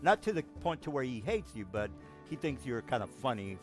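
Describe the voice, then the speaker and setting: A man narrating a tabletop game as game master, halting with many ums and restarts. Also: mid-range voice, very animated, faint music behind.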